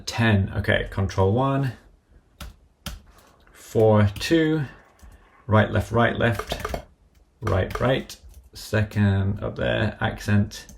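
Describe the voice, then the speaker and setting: A man with a low, gravelly voice gives a live-streamed software tutorial. He works at his computer and talks methodically through each step as he goes. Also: a little hiss or hum. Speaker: app developer demonstrating software.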